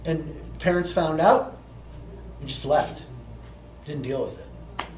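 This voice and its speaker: A man's voice: fairly high pitch, slow pace, a little mellow, slight background noise. A man in his forties, a plant medicine teacher, telling a personal story to a live group in a conversational way, often checking in with "right?". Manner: conversational, peppered with tag questions. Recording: roomy echo with faint ambience.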